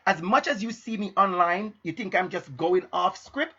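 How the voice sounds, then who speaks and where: Man, middle-aged, motivational live talk, deliberate and emphatic, somewhat muffled audio. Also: high-pitched, animated, sharp tone, breathy edge. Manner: deliberate, emphatic, repeats key phrases. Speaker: educator and motivational speaker. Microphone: laptop and phone.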